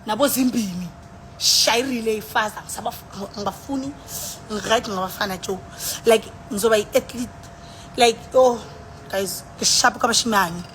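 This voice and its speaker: A woman's voice: on the high side, normal speed, fairly bright tone, slight background noise. Tipsy South African woman rambling live. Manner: rambling, sighing, switching between languages. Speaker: livestreamer. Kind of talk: casual live-stream chat.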